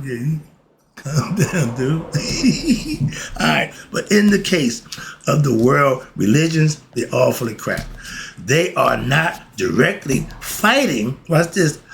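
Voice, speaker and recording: Animated man reading with fiery asides. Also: a little high, creaky. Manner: animated, interrupts his own reading with asides and laughs. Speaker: host. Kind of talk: reading aloud with ad-lib commentary.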